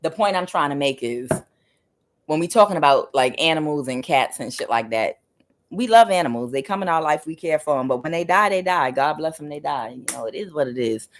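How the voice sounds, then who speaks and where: A frank, profane woman tarot reader tells a personal story straight to her viewers in a casual, animated way. She laughs often and jumps into the voices of the people she describes. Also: sits low, a little fast.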